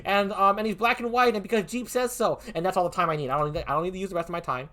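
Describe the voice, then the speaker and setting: A man hosting a livestream, doing playful improv game banter with a hammy, animated manner. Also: high-pitched, very fast, hardly any pauses. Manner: animated, hammy, laughs often. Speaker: stream host.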